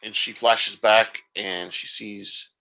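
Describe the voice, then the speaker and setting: Bright-voiced man recapping an episode casually. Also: lowish voice, fairly even intonation, takes it slowly, vocal fry, poor audio. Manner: retells the plot loosely, thinking aloud. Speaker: podcast host.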